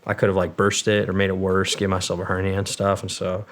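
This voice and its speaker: A young man with a somewhat low voice, talking as a guest on a long-form interview show. He tells his story candidly and loosely, full of "like" and "um," with casual swearing. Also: completely flat delivery, fast, slight background noise. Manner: rambling and candid, with fillers and swearing. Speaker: guest, former Marine.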